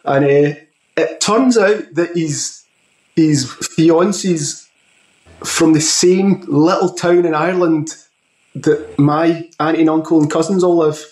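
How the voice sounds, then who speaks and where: A man hosting a rock talk show, asking questions and telling stories in a relaxed, jokey way. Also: a little high, slow pace. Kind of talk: casual interview questions. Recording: roomy echo.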